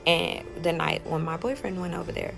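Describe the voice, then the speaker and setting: A woman tells her own story in a loose, chatty storytime monologue. Her voice sits low and crackles with heavy vocal fry. She rambles along with plenty of fillers and quoted back-and-forth. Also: normal speed, fairly bright tone, soft background music.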